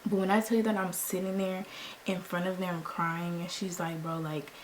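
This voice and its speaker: A woman's voice: fairly low pitch, normal speed, heavy background noise. A young woman vlogger telling a story in casual slang while she does her makeup, acting out what each person said. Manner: animated, slangy, acts out quoted lines. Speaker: beauty vlogger.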